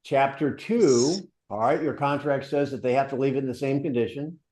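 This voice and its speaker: A man hosting a real estate coaching session, brisk and directive, steering the discussion. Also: medium pitch, darkish tone, reverberant, low-quality recording. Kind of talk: coaching a live training session.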